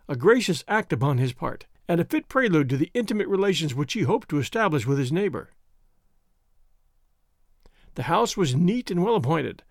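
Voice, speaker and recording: A man reading a classic story aloud in a measured, expressive way. His voice sits fairly high for a man and moves a great deal in pitch. The recording is close and dry, with no room sound. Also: no room sound. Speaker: audiobook narrator. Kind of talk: scripted narration of a classic story.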